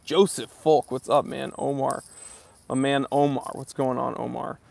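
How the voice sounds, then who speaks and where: A man's voice: medium pitch, flat delivery, measured pace, vocal fry, darkish tone. A man from New England hosting a live stream outdoors outside a library, greeting viewers by name in an upbeat, casual way.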